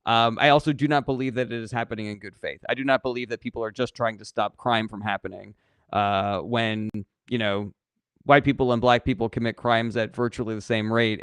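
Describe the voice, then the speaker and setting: A young man from California runs a live question-and-answer stream, reading each comment aloud before answering it. He is blunt and sarcastic and swears casually. His voice is smooth and clear, in dry, close sound. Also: fairly low pitch, a bit bright, no room sound. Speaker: livestream host answering viewer questions.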